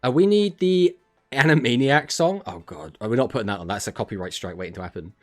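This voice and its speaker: A man's voice: medium pitch, fast, faint music behind. A man with an English accent, casting a card tournament on a live stream, chatting and joking as he reads out and answers messages from his chat.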